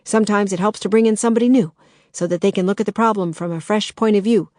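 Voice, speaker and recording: A woman's voice: medium pitch, quick pace, mellow, no room sound, studio quality, lightly acted. A woman voicing an eager, well-meaning male businessman in a storybook, upbeat and coaxing.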